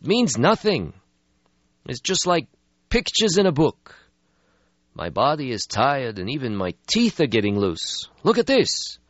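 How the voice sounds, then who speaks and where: A gloomy ancient vampire, as a man reading a storybook puts him on, drawing out each word in a raised, slow voice. He sounds bone-tired and heavy with regret. The dry, slightly dull recording keeps him close. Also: mid-range voice, wildly swooping pitch, a bit bright, dry recording, pitched above the performer's own voice, full character voice. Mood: bitter. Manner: slow, mournful, world-weary. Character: weary ancient melancholy male vampire. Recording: slightly muffled lo-fi audio.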